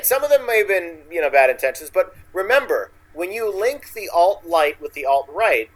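A blunt man co-hosting a casual political chat, his voice a bit high for a man. He swears freely and stumbles through fillers before pressing his point. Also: poor audio.

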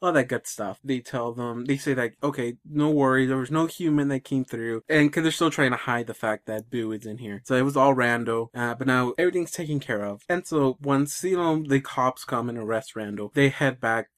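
A man's voice: medium pitch, normal speed, hardly any pauses, fairly bright tone. A young man casually retelling a movie plot, rambling with lots of restarts. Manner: rambling, many fillers and restarts.

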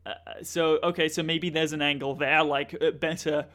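Comedy co-host, male, bright tone, fumbling restarts and feigned panic. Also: fairly high pitch, little pitch movement. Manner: halting with many restarts, bursts of mock alarm and swearing. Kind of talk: deadpan comedy banter.

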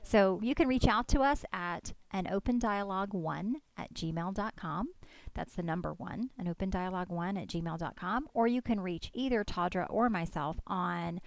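Chatty woman with a low gravelly voice. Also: moderate pace, no room sound. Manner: chatty, thinks aloud with many "like"s and restarts. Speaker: podcast co-host. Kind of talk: casual chat.

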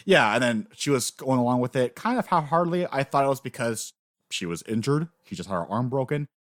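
Animated man recapping a show, dry sound. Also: mid-range voice, a little fast, no room sound. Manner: excited, swears freely, acts out quotes. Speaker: podcast co-host. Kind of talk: casual anime recap chat.

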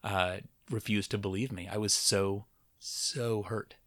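Bright-voiced man telling a story. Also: fairly low pitch, fairly even intonation, measured pace, no echo, studio quality. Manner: rambling storyteller with fillers and restarts. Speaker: podcast co-host. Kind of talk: casual chat, storytelling.

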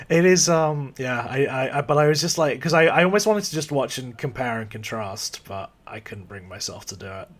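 A man co-hosting a casual review podcast, halting and laughing often. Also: medium pitch, expressive. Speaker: podcast co-host. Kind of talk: casual film review chat.

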